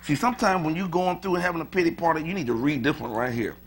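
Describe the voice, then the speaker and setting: A man's voice: on the high side, fast. A male pastor preaching a sermon in a church, talking conversationally, repeating words and chuckling often.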